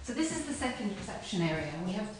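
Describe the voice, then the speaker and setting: A woman's voice: medium pitch, very animated, background noise. An Irish woman who runs a clinic, chatting casually with many fillers while giving a tour of the rooms and stairs. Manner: chatty, rapid, full of fillers. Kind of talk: casual chat during a walk-through.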